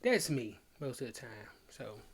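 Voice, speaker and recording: A man's voice: medium pitch, sing-song, measured pace, breathy edge. A young man, a comedian hosting his own podcast, telling stories in loose slang and acting out both sides of old arguments in casual livestream chat.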